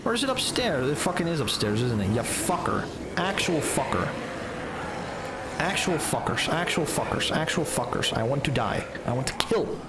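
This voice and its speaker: A man's voice: on the high side, big pitch swings, normal speed. A man doing let's play commentary as a gaming streamer, ranting with profane exasperation. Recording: clear background noise.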